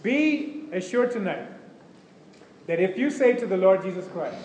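A man's voice: high-pitched, lively intonation, unhurried, long pauses, a little mellow, a little hiss or hum. A man preaching a sermon with passion, acting out prayers and dialogues as he goes. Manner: impassioned, acts out prayers and dialogues. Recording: echoey hall with faint ambience.

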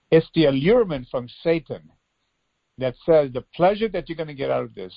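An earnest male preacher with a gravelly, husky voice delivers a devotional sermon. He presses his listeners with pleading rhetorical questions. The recording sounds dull and lo-fi, with a dry, close sound. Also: fairly high pitch, expressive, a little fast, no room sound.

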